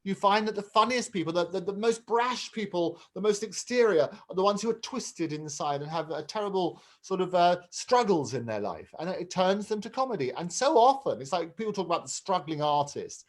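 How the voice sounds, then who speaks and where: A man's voice: high-pitched, animated, fairly quick, few pauses. A middle-aged man hosting a chat show, enthusiastic and prone to repeating words while he gathers his thoughts. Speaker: host. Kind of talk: casual chat.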